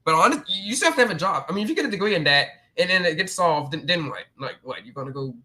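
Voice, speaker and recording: Sarcastic man ranting, bright voice. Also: high voice, animated, racing. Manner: sarcastic, mocking, restless. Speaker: channel host. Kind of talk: sarcastic rant commentary.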